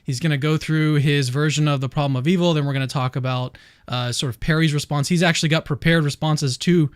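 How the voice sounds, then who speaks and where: A talkative male host with a fairly high voice, speaking in a relaxed, upbeat manner and often restarting his sentences. The sound is close and dry, with no room around it. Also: fast, clear, resonant tone, no room sound. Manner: chatty, upbeat, with many restarts. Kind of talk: casual chat.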